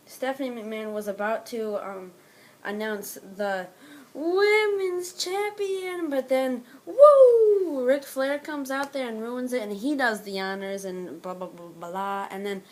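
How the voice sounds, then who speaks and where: A woman's voice: medium pitch, fairly even intonation, moderate pace. A woman vlogger giving a casual, rambling recap of a wrestling episode, full of "um" and "blah, blah" asides.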